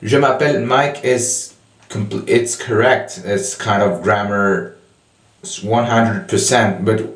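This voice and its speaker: A man with a French accent explaining everyday spoken French in a casual lesson, slow and hesitant with many fillers and restarts. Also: lowish voice, fairly even intonation, roomy sound, recorded from a distance. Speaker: French tutor.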